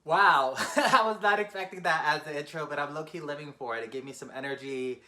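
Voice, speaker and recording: Bright-voiced man reacting fast and excitedly. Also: fairly high pitch. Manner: fast-talking, emotional, exclamatory. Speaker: music reaction host. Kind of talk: casual reaction commentary.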